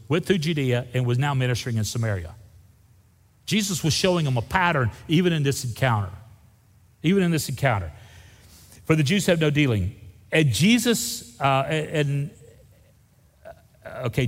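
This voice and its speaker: Man, sermon, lively pitch, reverberant hall. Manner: lively preaching, acts out Bible voices, casual asides. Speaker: pastor.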